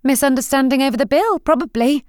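A woman's voice: fairly high pitch, lively intonation, moderate pace, no room sound, clean studio sound, voice pushed up, lightly acted. A woman voicing a weary, grieving young woman who forces a brave front, in an audiobook reading. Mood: tense. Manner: tense, forcing a brave front.

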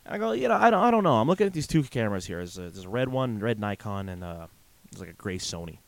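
A man's voice: on the low side, sing-song, quick pace, creaky, dry recording. A man hosting a podcast alone at a microphone, telling a long story in a casual, rambling way, full of "uh" fillers and restarts. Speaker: podcast host. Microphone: desk microphone.

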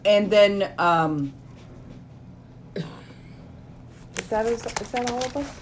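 A woman's voice: medium pitch, expressive, very slow, a little hiss or hum. Playful woman hosting a casual podcast. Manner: playful, laughs through her lines. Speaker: podcast host. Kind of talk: casual podcast chat, reading out reviews.

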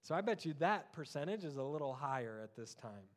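A man in his thirties preaching a sermon as pastor, often dropping soft and low on key words. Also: big pitch swings, brisk.

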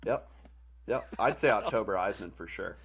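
A man's voice: lowish voice, animated, normal speed, a bit bright, husky. A man co-hosting a podcast, chatting casually about sports with dry, sarcastic quips. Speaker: podcast co-host.

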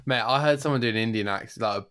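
A man's voice: mid-range voice, fast, fairly bright tone. A man co-hosting a podcast in upbeat, chatty conversation. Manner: upbeat, chatty, says "mate" often. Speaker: podcast co-host. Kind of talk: casual chat.

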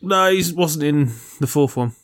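A man with a dry, sardonic delivery, chatting casually about films and bands. He reels off trivia in a plain, steady voice. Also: on the high side, unhurried. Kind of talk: casual film chat.

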